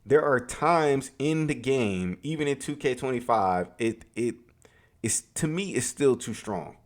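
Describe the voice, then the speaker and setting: A man's voice: medium pitch, expressive, measured pace. A man giving an emphatic, profane, opinionated rant about a video game, repeating his points for emphasis. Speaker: gaming commentator.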